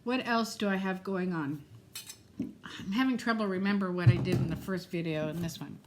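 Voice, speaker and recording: A woman's voice: lowish voice, normal speed, background noise. Chatty middle-aged woman vlogging. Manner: chatty, animated, laughs often. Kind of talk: casual chat.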